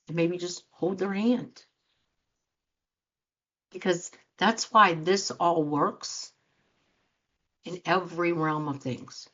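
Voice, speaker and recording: A woman's voice: on the low side, takes it slowly, long pauses, a bit bright. A woman life coach giving an earnest motivational talk to listeners, acting out quoted reactions as she speaks. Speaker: life coach and show host. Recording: dull lo-fi sound.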